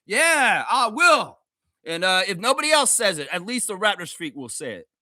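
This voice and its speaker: A man's voice: sits high, sing-song, moderate pace, pushed and bright, no room sound, studio quality. A man hosting a sports fan livestream, ranting heatedly and sarcastically with a lot of swearing, then easing into laughing, loose chat. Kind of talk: profane ranting fan commentary.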